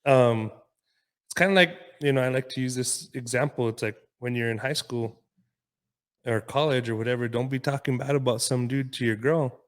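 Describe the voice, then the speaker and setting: A man speaking as a guest on a podcast in a relaxed, casual way, laughing easily and using everyday examples. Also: medium pitch, normal speed.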